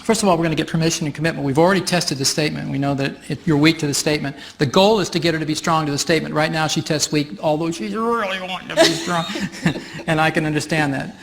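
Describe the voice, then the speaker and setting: A man's voice: fairly high pitch, fast, gravelly, a bit bright, a little hiss or hum. A man leading a live workshop demonstration on stage, explaining each step in a chatty way and often laughing. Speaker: workshop facilitator. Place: stage before an audience.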